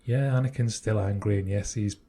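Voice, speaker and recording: A man's voice: fairly low pitch, steady tone, a little fast, mellow, husky. A man co-hosting a podcast, talking casually and reasoning through ideas step by step. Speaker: podcast co-host. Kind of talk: casual chat.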